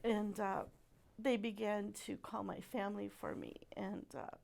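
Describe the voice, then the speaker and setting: A middle-aged woman giving a personal testimony at church, speaking softly and haltingly with many pauses. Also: medium pitch, steady tone, gravelly. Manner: halting and soft-spoken, many pauses and fillers.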